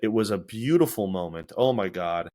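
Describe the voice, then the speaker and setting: A podcast host with a fairly low-pitched voice speaks at a normal speed on his casual show. He tells stories reflectively and with animation, acting out his own inner voices as he goes.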